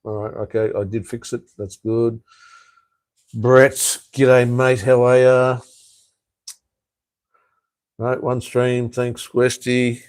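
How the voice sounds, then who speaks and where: Australian man, live-stream host, rambling casual chat, plenty of fillers, mid-pitched everyday voice. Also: flat delivery, takes it slowly, pauses often, darkish tone, smooth. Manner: rambling, with frequent "uh", "mate" and "hey".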